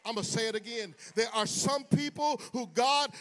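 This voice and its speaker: A male pastor preaching a sermon in a church, swinging from hushed asides to sung, shouted calls to the congregation. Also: very high-pitched, moderate pace. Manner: preaching with call-and-response, rising into sung shouts. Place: church sanctuary.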